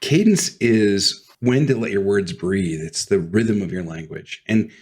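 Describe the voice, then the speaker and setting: A man co-hosting a casual podcast who explains his points thoughtfully and carefully. His voice sits fairly low and has a husky edge. He speaks in an easy, conversational way. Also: animated, unhurried, a little mellow. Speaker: podcast co-host. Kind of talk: casual chat.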